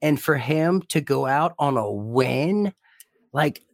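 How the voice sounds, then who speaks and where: A man's voice: on the high side, lively intonation, takes it slowly, vocal fry, no echo, studio quality. A young man co-hosting a podcast, talking earnestly and emotionally, swearing casually. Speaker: podcast co-host.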